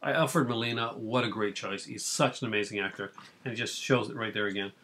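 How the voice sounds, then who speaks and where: A man's voice: on the low side, fairly quick, a bit bright. A middle-aged man in casual chat about films, joking and laughing often. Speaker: podcast co-host.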